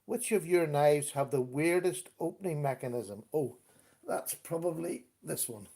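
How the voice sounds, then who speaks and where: Easygoing and chatty, this man hosts a live stream, casually talking with viewers and greeting them by name. His voice is a little high, warm, and creaky, animated but unhurried.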